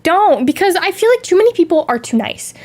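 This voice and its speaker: A young woman with a high, light voice chats casually on a stream. She is sick with a lingering cough and tells stories in an animated, lively way. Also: fast. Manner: animated, chatty storytelling with acted-out quotes. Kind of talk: casual chat.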